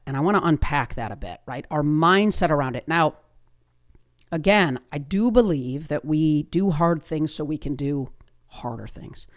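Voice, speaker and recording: Energetic woman telling a motivational story. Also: low-pitched. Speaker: podcast host. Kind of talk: motivational podcast talk.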